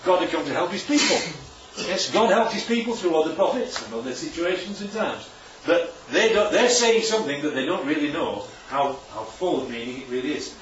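This is an informal church talk with slides, held in a church hall, where a man preaches and keeps asking "right?" and "isn't that lovely?". His fairly high voice is expressive and a little fast, with few pauses. A little hiss or hum sits in a roomy, distant, dull recording.

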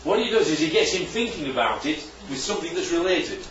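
A man's voice: on the high side, big pitch swings, quick pace, fairly bright tone, a little hiss or hum. A man preaching a sermon in a chatty way, often asking the room questions. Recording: echoey hall from far off, dull.

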